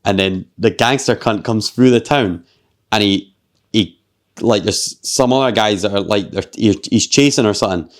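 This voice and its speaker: A man with a Scottish accent hosting a podcast, retelling a film in an animated, rambling way with lots of swearing and fillers. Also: fairly low pitch, normal speed. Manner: animated storyteller, swears freely, heavy use of "like". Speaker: podcast host. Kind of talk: casual chat.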